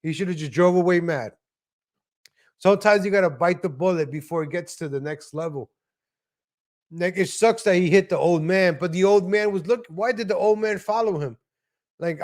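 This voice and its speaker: A man hosting a live stream, commenting on viral videos in a blunt, profane, ranting way. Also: fairly high pitch. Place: lives in Texas.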